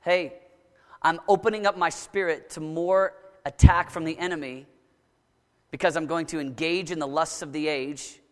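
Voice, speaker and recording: A man preaching a sermon to a young crowd, dramatic, swinging from shouts down to low, intense murmurs. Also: fairly even intonation, moderate pace, long reverb tail.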